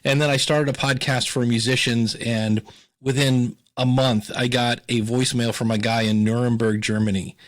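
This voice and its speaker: Man from Ohio, guest on an interview show, lively storyteller who voices the people in his anecdotes, mid pitch. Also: moderate pace. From Ohio, USA. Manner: animated storyteller, acts out quoted voices. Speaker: podcast consultant, guest. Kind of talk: casual interview talk.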